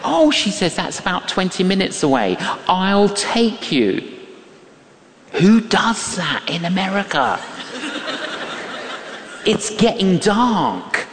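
An older man preaches with a high, swooping voice. He takes his time, leaning into each phrase and acting out the people in his stories. His words ring out with the long reverb of a large hall. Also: takes it slowly, pauses often, slight background noise. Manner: animated, emphatic, acts out quoted voices. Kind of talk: sermon with storytelling.

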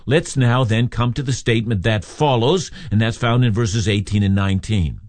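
A man's voice: fairly low pitch, moderate pace, a little mellow, no room sound. A man preaching a sermon, reading scripture aloud and explaining it verse by verse with emphatic points. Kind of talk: radio Bible teaching.

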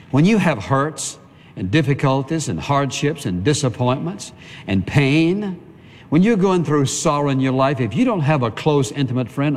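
A man's voice: fairly high pitch, a little mellow, in a large hall. A man preaching a sermon in a conversational style, calling on the congregation to answer amen.

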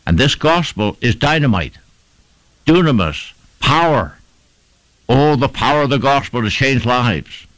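A male preacher delivering a sermon with a lively, rising-and-falling voice. He leans hard on key words and builds rhythmic lists of repeated phrases. The sound is close and dry, with almost no room echo. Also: medium pitch, measured pace.

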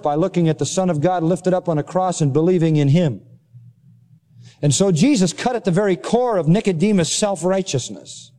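Male preacher, slightly high mellow voice, emphatic sermon delivery. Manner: emphatic preaching, repeats phrases for stress. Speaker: pastor. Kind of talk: expository sermon.

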